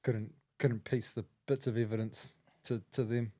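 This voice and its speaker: A man hosting a podcast, asking questions and making relaxed, joking interjections. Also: medium pitch, moderate pace, dry recording. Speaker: podcast host. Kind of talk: casual interview chat.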